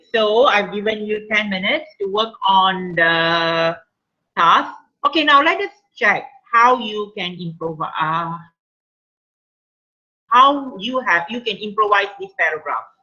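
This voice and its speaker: A woman's voice: medium pitch, expressive, slow, long pauses, bright, forceful tone, muffled recording. A woman with a Malaysian English accent teaching an online writing workshop, checking in with "okay" as she reads example sentences aloud.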